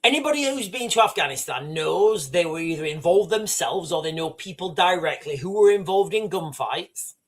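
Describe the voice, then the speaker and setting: A British man with a noticeably high-pitched voice holds forth on a casual livestream. He talks to his viewers directly, stressing points by repeating words and circling back for emphasis. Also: expressive, normal speed, hardly any pauses. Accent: British English. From Britain. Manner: emphatic, repetitive, conversational, addresses chat directly. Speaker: livestream host.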